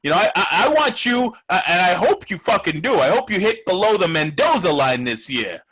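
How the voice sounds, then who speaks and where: A man plays a loud, foul-mouthed gambler hosting a sports show, ranting with a husky edge. His voice sits high for a man and swings wildly up and down, pushing every insult hard. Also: big pitch swings, brisk, full character voice. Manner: loud, ranting, profane, mocking. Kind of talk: comedic sports rant.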